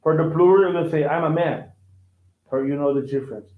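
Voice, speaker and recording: Teacher explaining English, tinny echo. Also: male voice, a little high, fast talker. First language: Portuguese. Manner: repeats words, asks "right?" often. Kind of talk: live online class. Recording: echoey, tinny phone-like sound.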